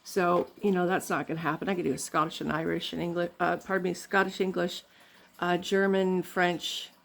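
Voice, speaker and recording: A woman's voice: on the low side, level tone, moderate pace, gravelly. Rambling, chatty older woman vlogger. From Canada. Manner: rambling, chatty, laughs often. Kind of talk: casual storytelling vlog.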